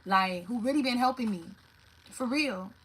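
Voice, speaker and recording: A woman doing a casual tarot reading, talking straight to her viewers in a blunt, profane, animated way. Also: on the high side, normal speed, a little hiss or hum, low-quality recording. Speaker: tarot reader.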